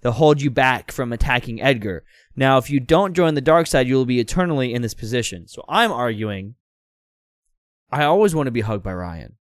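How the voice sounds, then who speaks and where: A man hosting a comedy podcast, narrating fan fiction and riffing on it in chatty asides. His voice sits at an average pitch. The sound is dry and close. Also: lively intonation, fairly quick, no room sound. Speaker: podcast host, reader. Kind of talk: casual comedic reading and banter.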